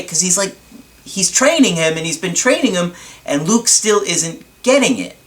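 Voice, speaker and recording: A man's voice: high-pitched, sing-song, moderate pace, fairly bright tone. A man gives a casual motivational talk, speaking straight to his listeners. He is earnest and emphatic. He stresses his points firmly.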